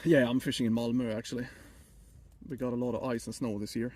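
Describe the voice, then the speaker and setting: A man's voice: mid-range voice, flat delivery, quick pace, darkish tone. Man, middle-aged, Swedish accent, livestreamer, joking, rambling, outdoors on ice. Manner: joking, rambling, talks to chat. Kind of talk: casual live stream chat. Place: outdoors on a frozen lake.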